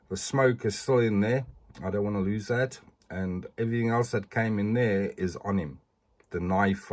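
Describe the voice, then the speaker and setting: Man in his middle years, unhurried and chatty, casual collector vlog. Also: lowish voice. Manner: chatty, tags sentences with "eh". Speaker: collector reviewing figures.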